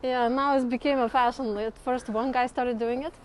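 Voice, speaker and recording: A woman's voice: fairly high pitch, steady tone, moderate pace, a little hiss or hum. Chatty woman vlogging on a hike. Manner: chatty, laughs often. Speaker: vlog host. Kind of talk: casual chat while hiking. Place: outdoors on hillside stairs.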